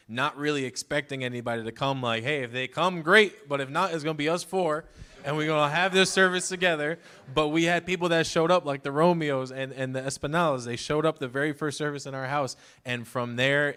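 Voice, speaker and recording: A man's voice: mid-range voice, sharp tone. Young man preaching, conversational. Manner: emotional, holding back tears; conversational, many "like" fillers. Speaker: pastor's son preaching. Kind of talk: sermon with personal testimony.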